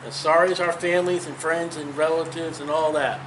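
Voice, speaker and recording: High-voiced earnest male Bible teacher. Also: steady tone, brisk, background noise. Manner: earnest, emphatic, personal, talks straight to listeners. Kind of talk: conversational Bible study preaching.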